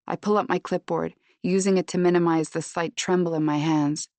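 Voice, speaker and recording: A woman narrating a suspense audiobook in the first person, measured and tense. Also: fairly low pitch, steady tone, darkish tone, no echo.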